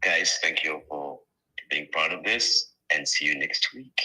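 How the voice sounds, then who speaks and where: A man's voice: a bass voice, animated, unhurried, bright, forceful tone, breathy edge. A man co-hosting a casual online audio chat, easygoing and brief. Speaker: co-host. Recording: lo-fi phone connection.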